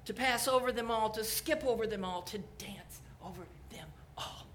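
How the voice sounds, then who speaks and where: A woman voicing God as a soft, breathy, whispered presence in a spoken story. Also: a little high, a little fast, slight background noise, lightly acted. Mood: gentle. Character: divine voice, a soft breath of life.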